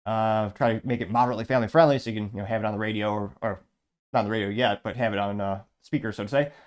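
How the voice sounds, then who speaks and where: A man's voice: lowish voice, steady tone, racing. A man hosting a commentary show, reading social media posts aloud and adding rambling, sarcastic remarks. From Illinois. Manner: rambling, sarcastic, frequent restarts. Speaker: show host.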